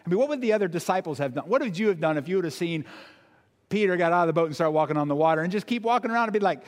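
A man's voice: fairly high pitch, fast talker. A male pastor preaching a sermon in an earnest, conversational way, asking the congregation questions. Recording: long church hall reverb.

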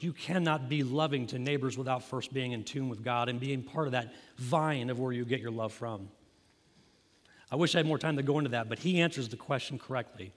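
A man preaching a sermon as pastor in a church, talking in a conversational way and putting questions to the congregation. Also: mid-range voice. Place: church sanctuary. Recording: long hall reverb.

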